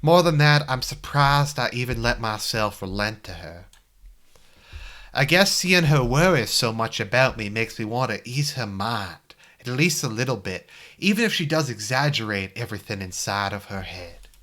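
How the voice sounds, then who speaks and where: A man's voice: medium pitch, animated, moderate pace, fairly bright tone, close to an everyday voice. A man putting on an old-fashioned Southern drawl to play a listless teenage boy narrating a visual novel in a mock-grand, folksy way. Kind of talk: dramatic reading of a visual novel.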